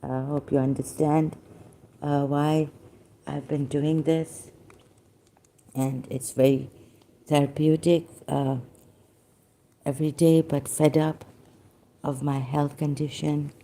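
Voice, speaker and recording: Hoarse woman with a gravelly low voice. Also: little pitch movement, mellow, a little hiss or hum. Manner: halting, many pauses and fillers. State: hoarse, losing her voice. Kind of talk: personal video monologue.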